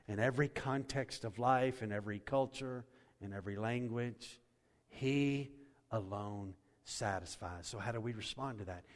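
A male pastor preaching a sermon, swinging from loud and soaring to hushed and slow. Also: fairly low pitch. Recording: long hall reverb.

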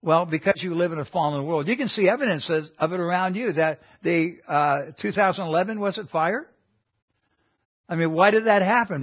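Earnest man teaching a Bible class. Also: on the high side. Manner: earnest, conversational teaching with frequent restarts. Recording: dull lo-fi recording.

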